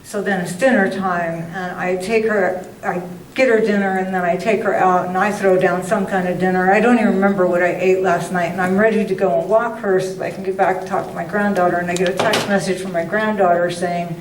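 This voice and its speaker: An older woman giving a guest talk, telling a funny, self-mocking story in a chatty, animated way. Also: fairly low pitch, fairly quick, slight background noise. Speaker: guest speaker. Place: meeting hall. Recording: roomy hall, distant mic.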